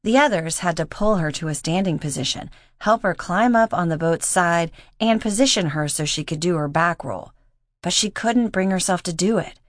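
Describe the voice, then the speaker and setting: A woman narrating an audiobook in a steady, measured reading voice. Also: lowish voice, no room sound, studio quality. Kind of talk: scripted narration.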